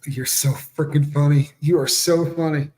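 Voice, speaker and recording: A man's voice: a little high, fairly even intonation, moderate pace, a little mellow. A man co-hosting a casual livestream chat, teasing and joking, often trailing off with fillers. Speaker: co-host.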